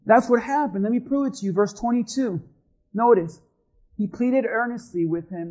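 High-voiced pastor preaching with fervor. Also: male voice, moderate pace, muffled recording. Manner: animated, swings from shouting to hushed. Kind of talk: sermon.

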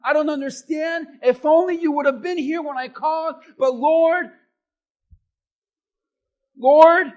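A man's voice: very high voice, slow pace, pauses often, a little mellow, muffled recording, pitched above the performer's own voice. A male preacher voicing a grieving woman who kneels and pleads with God in a raised, strained voice. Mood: pleading.

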